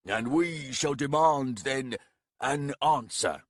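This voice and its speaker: Man doing a booming tusked warrior, loud, slow, mock-grand, fantasy audiobook. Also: big pitch swings, breathy edge, dry recording, studio quality, heavily acted. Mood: bombastic. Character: boisterous tusked Thelakai warrior leader.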